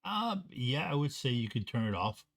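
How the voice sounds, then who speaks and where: A man runs a tabletop game as game master in a hesitant way, dropping ums and okays between rulings. His voice sits at a middle pitch and is recorded dry and close. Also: very animated, normal speed, fairly bright tone, no echo.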